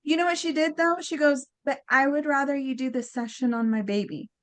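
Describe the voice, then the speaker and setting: A woman with a fairly high voice tells a story in casual chat. She is animated and acts out each quote, with plenty of fillers and restarts. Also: brisk. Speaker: guest healer.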